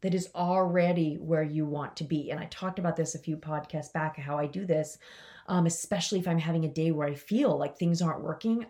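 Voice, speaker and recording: A woman's voice: low-pitched, darkish tone. A woman hosting a motivational podcast, talking to her listeners in an enthusiastic, chatty way. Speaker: podcast host and coach.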